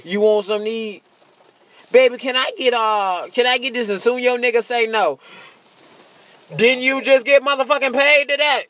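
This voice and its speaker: A brash man riffing through a stand-up bit, cursing freely and laughing at his own jokes. His voice sits high and comes out bright and sharp. Now and then he jumps into a shrill mocking voice. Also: normal speed. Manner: profane, brash, laughs often. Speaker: comedian. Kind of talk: stand-up monologue.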